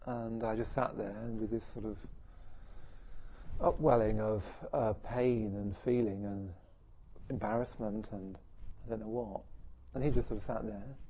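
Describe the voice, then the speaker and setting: A man's voice: on the low side, dark tone. A middle-aged man giving a reflective personal talk to an audience, musing and self-deprecating. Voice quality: gravelly, husky.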